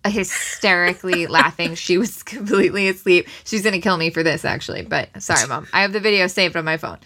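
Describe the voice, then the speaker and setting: A woman's voice: fairly low pitch, a little fast, sharp tone. A woman hosting a casual podcast chat, chatty and rambling with plenty of fillers.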